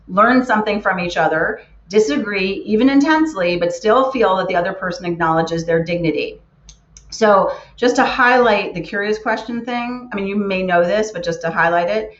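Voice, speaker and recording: A woman giving an earnest keynote talk, stressing her points by repeating words. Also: medium pitch. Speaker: keynote speaker. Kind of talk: motivational talk. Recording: roomy, muffled lo-fi sound.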